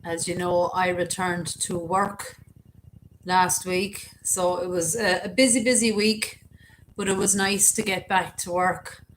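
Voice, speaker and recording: A woman's voice: lowish voice, flat delivery, a little slow, a little hiss or hum, low-quality recording. A woman hosting a casual livestream, chatting and greeting her viewers by name. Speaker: livestream host.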